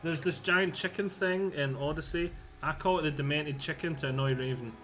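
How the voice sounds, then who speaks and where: Bright chatty man laughing over a game. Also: on the high side, steady tone, normal speed. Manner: chatty, laughs easily, quotes shows. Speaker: co-op streamer. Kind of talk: casual gaming chat.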